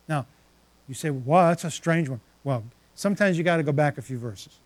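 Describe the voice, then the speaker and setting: A man's voice: fairly high pitch, fairly quick, no echo. A man preaching a sermon, reading scripture passages aloud and then stopping to reflect on them.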